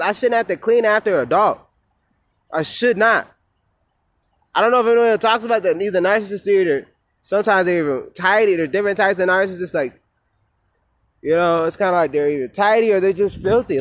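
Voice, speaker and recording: Vlogger, male, slightly high voice, loose rambling rant full of swearing and fillers. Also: no room sound. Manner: rambling, profane, many fillers and restarts. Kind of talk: casual rambling vent.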